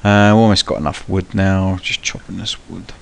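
A young gaming channel host talks viewers through a game in a low, easygoing, gravelly voice at a moderate pace. This live gameplay tutorial commentary rambles, with lots of ums and restarts and cheeky swearing thrown in.

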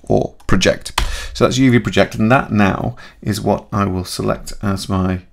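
A man talking through a software tutorial in a chatty way, thinking aloud and correcting himself as he goes. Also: lowish voice, fairly even intonation, moderate pace, creaky. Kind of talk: screen-recorded software tutorial.

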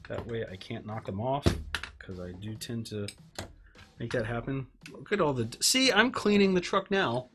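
A man's voice: mid-range voice, lively intonation, normal speed, pushed and bright, slight background noise. A man hosting a casual live stream, rambling and joking with himself as he works at his workbench. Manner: rambling, self-mocking, talks to himself while tinkering. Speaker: livestream host. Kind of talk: casual live-stream chat while working. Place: home workbench.

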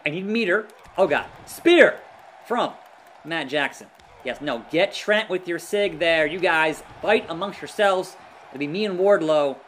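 Excitable high-voiced gaming commentator man. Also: a little hiss or hum. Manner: excitable, groans and yells at the action. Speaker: let's play gamer. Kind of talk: live gameplay commentary.

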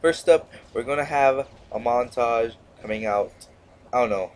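A man's voice: mid-range voice, normal speed, a little mellow. A teenage male gamer giving casual, rambling commentary over his gameplay, sarcastic and often cutting himself off. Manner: rambling, sarcastic, self-interrupting. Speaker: gaming commentator.

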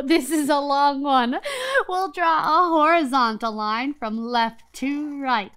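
A woman's voice: sits high, fairly bright tone, heavily acted. A woman guiding children through drawing in an educational show, cheerful and instructive. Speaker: drawing guide.

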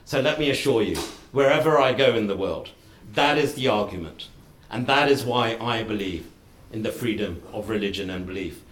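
A middle-aged man giving a formal lecture, speaking in measured, deliberate short phrases with wry humour. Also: fairly low pitch, a bit bright. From United Kingdom. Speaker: guest lecturer. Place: lecture hall. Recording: roomy lecture hall.

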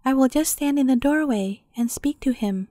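A woman voicing a gentle, bewildered young boy who has been turned into a dwarf, soft-spoken and pleading, in a storybook reading. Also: high-pitched, moderate pace, dry recording, clean studio sound, close to an everyday voice.

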